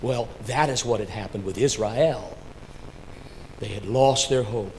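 A man preaching a sermon, swinging between soft, low asides and loud, rising declarations, and addressing listeners by name. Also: measured pace, slight background noise, poor audio.

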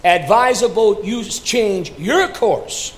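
A man voicing a young lighthouse seaman who flatly refuses to give way. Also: high-pitched, takes it slowly, voice pushed up. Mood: firm. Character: calm young male lighthouse seaman, unbending.

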